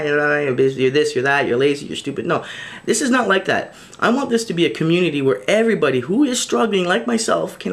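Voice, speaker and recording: A man recording a video diary straight to camera, talking in an earnest, pleading way, full of restarts and fillers. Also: on the high side. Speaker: vlogger.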